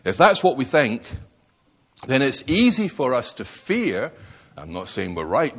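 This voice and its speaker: A man's voice: mid-range voice, breathy edge. A man preaching a sermon, stressing key words and posing rhetorical questions.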